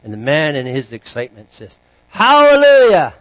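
A man preaching as a pastor, telling a joke story in a relaxed, chatty way with asides to the congregation. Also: a little high, a little slow, dry recording, poor audio.

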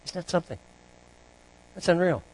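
A man preaching as a pastor, telling a joke story in a relaxed, chatty way with asides to the congregation. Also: high voice, moderate pace, poor audio.

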